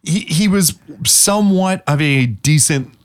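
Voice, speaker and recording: A man co-hosting a podcast in relaxed casual chat, laughing along with his friend. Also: fairly high pitch, measured pace. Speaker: podcast co-host.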